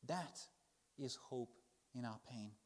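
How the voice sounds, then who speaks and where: A man preaching a Sunday sermon in church, expressive, swinging from loud emphasis to hushed words. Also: medium pitch, takes it slowly.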